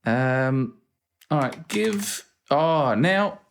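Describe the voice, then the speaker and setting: Unhurried man musing over a game. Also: a little high, lively intonation, slight background noise. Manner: thinking aloud, reading game menus, dry asides. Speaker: let's play host. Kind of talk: casual gameplay commentary.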